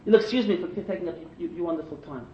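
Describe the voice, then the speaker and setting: A man preaching a sermon through stories, animated and climbing to shouted emphasis. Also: fairly high pitch, quick pace, a little hiss or hum. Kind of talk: sermon storytelling. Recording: echoey and dull lo-fi.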